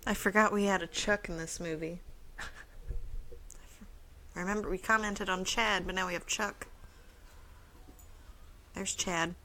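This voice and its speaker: A woman's voice: medium pitch, steady tone, slow, pauses often, pushed and bright, poor audio. A woman co-hosting a podcast, chatting casually and profanely over a movie and laughing often. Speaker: podcast co-host. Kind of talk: casual movie-watching chat.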